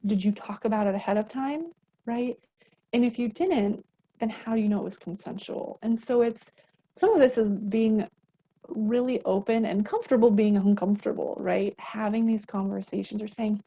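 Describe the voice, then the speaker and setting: A woman's voice: fairly high pitch, moderate pace, warm tone, dull audio, slight background noise. A woman advocate giving an educational talk on unhealthy relationships, speaking conversationally, often ending a point with a tag question and acting out example dialogues. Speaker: domestic violence advocate.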